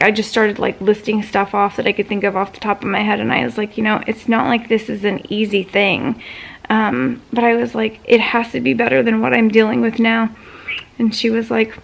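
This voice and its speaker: A woman's voice: a little high, gravelly. A woman vlogger casually recounting a conversation, chatty and full of fillers like "um" and "like". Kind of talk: casual storytelling vlog.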